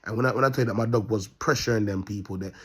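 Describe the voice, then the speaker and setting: A man's voice: lowish voice, very fast, fairly bright tone, husky. A man talking to camera in a rambling, repetitive monologue, laughing at his own points and checking in with his listeners again and again. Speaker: self-styled prophet vlogger.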